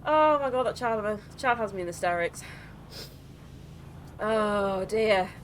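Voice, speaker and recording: A woman streaming a game from home, giggling and breaking into loud outbursts, her throat sore from laughing. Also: mid-range voice, expressive, slow, slight background noise. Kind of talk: casual live-stream chat.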